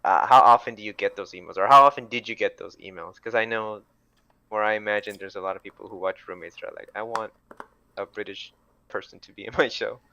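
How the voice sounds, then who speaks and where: A man's voice: fairly low pitch, fairly even intonation, quick pace, creaky, pushed and bright, dry recording, highs cut off. A man hosting a casual podcast, asking rambling questions with stumbling restarts. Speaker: podcast host.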